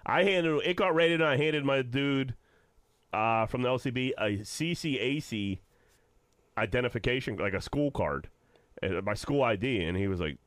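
A man's voice: mid-range voice, lively intonation, normal speed, fairly bright tone, dry recording. A man, hosting a podcast and trading profane, wry stories with friends. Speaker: podcast host. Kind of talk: casual banter, reading scanner reports.

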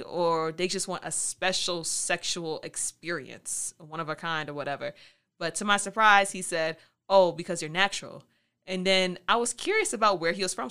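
A woman hosting a podcast, telling a candid personal story with a bright, sharp tone. She talks frankly and playfully in slang, acting out her own thoughts as little quoted asides. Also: on the low side, clean tone. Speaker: podcast host.

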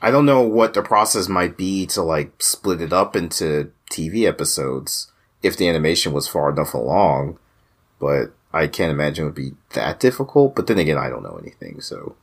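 A man's voice: rumbling low, very animated, normal speed, creaky, husky. A man co-hosting an anime podcast, talking in an easygoing, joking, hedging way. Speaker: podcast co-host. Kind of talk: casual chat.

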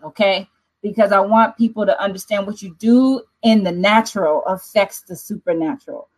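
A woman hosting a midnight prayer watch, preaching in an emphatic, expressive way with lively asides. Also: mid-range voice, poor audio. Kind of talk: preaching to an online prayer audience.

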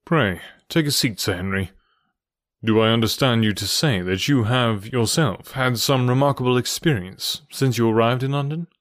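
A man reading aloud and voicing a keen, confident middle-aged detective who speaks in a measured, pointed way. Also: fairly bright tone, dry recording, studio quality, lightly acted. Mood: probing. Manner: measured, precise and pointed, voice dropped lower.

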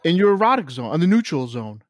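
A man as interviewer in an improvised mock interview, asking halting, teasing questions with many fillers. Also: on the high side, very animated, no echo.

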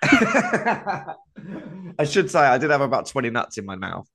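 A man's voice: mid-range voice, wildly swooping pitch, a little slow, a crowd in the background. A man co-hosting a comedy podcast, telling a meandering anecdote in casual chat, full of fillers.

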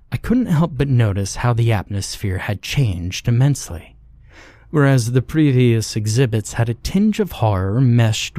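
A man narrating a scary story in a measured, steady delivery. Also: fairly low pitch, no room sound. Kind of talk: scripted horror story narration.

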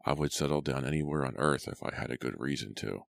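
A man voicing a starving ragged male drifter, speaking slowly and weakly. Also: rumbling low, gravelly, dry recording, exaggerated voice. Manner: slow, weak, pleading.

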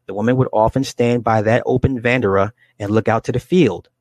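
A man reading the lines of a woman clairvoyant in a trance, in slow, measured pronouncements. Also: mid-range voice, fairly even intonation, darkish tone, no echo, close to an everyday voice. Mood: solemn.

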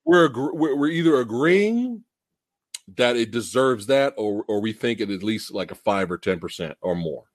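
A man hosting a casual film podcast, ranting profanely and laughing loudly as he talks. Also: medium pitch, animated, normal speed, dry recording. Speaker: host.

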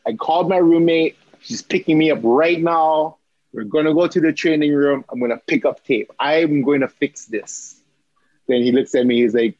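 Husky-voiced young man telling a story. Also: mid-range voice, fairly even intonation, moderate pace, a little mellow, no echo, muffled recording. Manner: acts out his own panicked quotes, stammering repeats. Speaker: athletic trainer guest. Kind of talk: animated storytelling.

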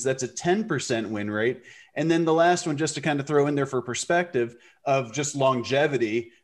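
A man co-hosting a casual golf podcast, opinionated and quick to rattle off numbers. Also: medium pitch. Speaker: podcast co-host, former mini-tour golfer. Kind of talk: casual chat.

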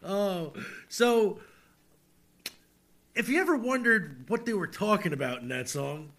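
High, lively-voiced man joking around. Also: measured pace. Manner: animated, reads lyrics aloud mockingly, laughs often. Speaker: podcast co-host. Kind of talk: casual comedic chat.

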